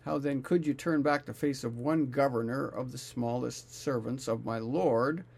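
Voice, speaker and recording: A man reading aloud the taunting speech of a boastful male royal envoy, declaiming loudly and slowly. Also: medium pitch, vocal fry, breathy edge.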